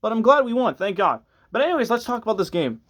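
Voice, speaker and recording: A man's voice: very high voice, big pitch swings, fast talker, a bit bright. A tired man giving a casual, rambling sports recap, sounding exasperated and often restarting his sentences. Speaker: sports fan vlogger.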